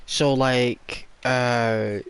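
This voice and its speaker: An English man hosting a gaming channel, rambling softly in casual, semi-ASMR gameplay commentary. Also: mid-range voice, fairly even intonation, very slow, clean tone, dry recording. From England. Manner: soft-toned, rambling and chatty.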